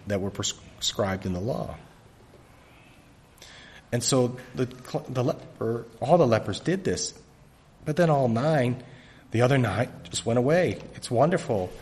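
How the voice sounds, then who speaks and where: A man preaching a sermon in an earnest, halting way, hiccuping often, with a raw throat. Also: mid-range voice, a little mellow, breathy edge.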